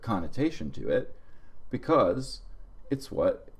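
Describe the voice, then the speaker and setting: A man's voice: mid-range voice, very animated, slow pace, vocal fry, slightly rough. A man co-hosting a comedy podcast, reading out a list of odd facts in a dry, casual way. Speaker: podcast co-host.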